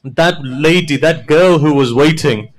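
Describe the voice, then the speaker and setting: A man delivering a mourning sermon, narrating stories with quoted dialogue. He moves from quiet storytelling to a high, loud, wailing climax. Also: a little slow, poor audio. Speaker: preacher.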